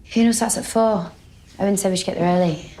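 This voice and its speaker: An actress playing a grumpy, down-to-earth young gardener with a Manchester accent in a drama series, speaking in a dry, teasing way. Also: female voice, mid-range voice, steady tone, fast, warm tone, natural voice. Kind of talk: television drama acting.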